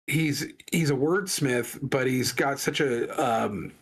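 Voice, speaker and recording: A man's voice: mid-range voice, slow, husky. A man on a casual talk show, telling a long story with many restarts and fillers. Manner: rambling storyteller with frequent restarts. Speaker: podcast co-host. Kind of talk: casual chat.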